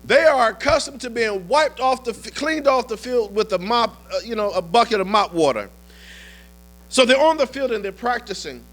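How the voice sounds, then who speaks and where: A man preaching a sermon as pastor, telling a story and building to impassioned shouts. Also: very high-pitched, expressive, normal speed.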